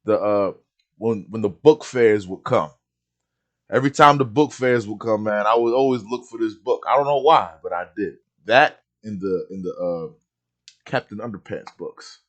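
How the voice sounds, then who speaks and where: A man's voice: lowish voice, normal speed, muffled recording. A man, hosting a reaction video and chatting casually in a laid-back, reminiscing way.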